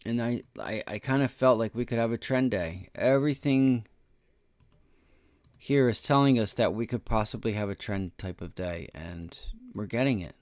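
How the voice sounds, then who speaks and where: A man hosting a live day-trading stream, talking through charts and swinging between low frustrated muttering and loud swearing outbursts. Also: normal speed, dry recording, studio quality. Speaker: day trading livestream host.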